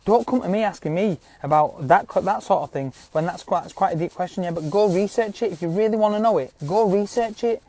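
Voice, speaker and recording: A man's voice: high-pitched, fairly quick, hardly any pauses, mellow. A man with speech ranting to viewers in a rambling, insistent way, swearing often and adding "yeah?" to his points. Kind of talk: casual rant to viewers.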